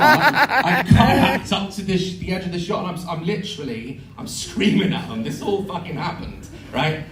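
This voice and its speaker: A man telling a comic story to a live audience, animated and sweary, acting out voices and screams. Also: high voice, normal speed, few pauses, a little hiss or hum. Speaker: live show performer. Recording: echoey venue, heard from afar. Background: audience laughter.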